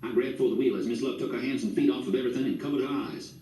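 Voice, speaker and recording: A man's voice: mid-range voice, racing, warm tone, recorded from a distance. A man narrating an audiobook in the first person with a folksy storytelling manner. The recording is roomy, with the mic set back.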